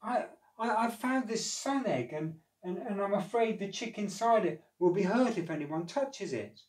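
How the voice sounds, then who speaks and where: A man reading a storybook aloud, voicing an excitable little female elf who stammers when excited. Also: sits high, moderate pace, echoey room, distant mic, voice pushed up. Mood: worried.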